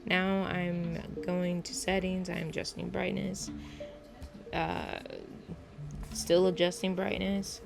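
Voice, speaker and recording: A woman's voice: lowish voice, little pitch movement, slow, gravelly, pauses often, over music. A woman casually narrating her gameplay on a laptop mic, rambling and hesitant with a self-deprecating manner.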